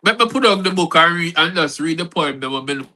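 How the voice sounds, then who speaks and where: A man reads his poems in a very bright, ringing voice that sits a little high. His delivery swings between a steady rhythmic recital and loose, rambling asides to the audience. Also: brisk, rough recording. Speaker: performing poet. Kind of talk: spoken-word poetry reading. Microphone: online event recording.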